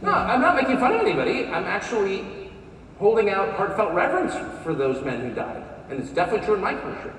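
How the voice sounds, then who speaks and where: A man's voice: sits high, big pitch swings, quick pace, a bit bright, slight background noise. Sarcastic man in echoey hall. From United States. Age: 50s. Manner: sarcastic, mocking. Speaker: conference speaker. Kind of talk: live speech to an audience. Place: large conference hall. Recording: echoey hall from far off, faint crowd.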